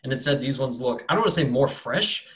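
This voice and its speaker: A man's voice: medium pitch, expressive, fast talker, fairly bright tone. A man in a mid-range voice runs a tabletop game, describing scenes in a loose, rambling way. He stops and restarts often, padding his narration with fillers as he goes. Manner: rambling, loose, many fillers and self-corrections. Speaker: game master.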